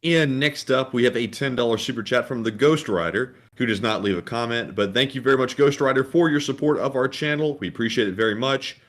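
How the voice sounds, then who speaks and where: A man's voice: medium pitch, fairly quick, few pauses, a bit bright. Easygoing male co-host reading messages. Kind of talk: casual livestream chat.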